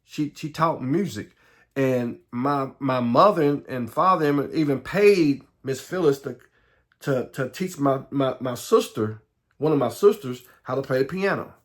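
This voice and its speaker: Middle-aged Southern man recounting his own past, unscripted, stumbling and restarting, voice mid-pitched. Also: expressive. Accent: Southern American. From Southern United States. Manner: halting, repeats words, frequent restarts. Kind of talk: personal life story monologue.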